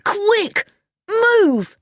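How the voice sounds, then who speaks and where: A woman's voice: high-pitched, very animated, unhurried, a little mellow, no echo, studio quality, voice pushed up. A woman playing an urgent, bossy boy. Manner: urgent, raised calls.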